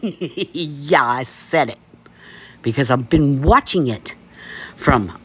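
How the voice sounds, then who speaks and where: A man's voice: medium pitch, lively intonation, takes it slowly, a bit bright, slightly rough. A man from the United States ranting emphatically to camera, laughing often. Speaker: vlogger. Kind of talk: opinion rant to camera.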